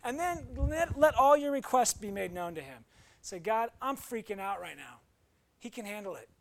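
A man delivers a sermon in a high, gravelly voice. He moves between talking plainly with his listeners and breaking out in sudden emphatic bursts, sounding earnest throughout. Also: animated, moderate pace. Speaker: pastor.

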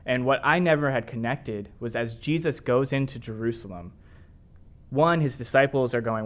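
A man's voice: medium pitch, normal speed. A man with a mid-range voice shares a conversational sermon as co-pastor. He recounts the story and affirms his partner's points.

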